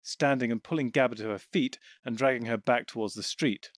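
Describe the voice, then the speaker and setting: A male narrator reads an audiobook in an even, steady voice. The sound is close and dry with no room around it, at a middle pitch. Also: brisk, no echo.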